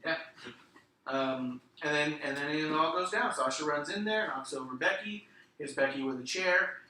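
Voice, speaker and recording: A man's voice: fairly high pitch, normal speed. A man hosting a casual wrestling podcast chat, recounting what he saw with lots of swearing. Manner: animated storytelling with heavy swearing. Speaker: podcast host. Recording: roomy room, distant mic, faint noise.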